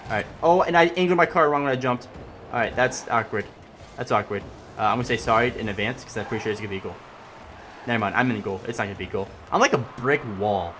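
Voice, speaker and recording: A young man giving casual gameplay commentary as he plays, excitable and swinging between loud yelling and mumbled asides. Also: mid-range voice, quick pace, slight background noise. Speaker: gaming commentator.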